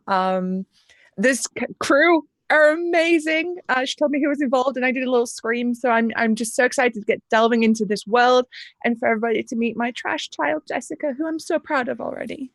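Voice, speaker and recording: A woman introducing herself as a tabletop game player, gushing with breathless excitement. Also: a little high, normal speed, dry recording, clean studio sound.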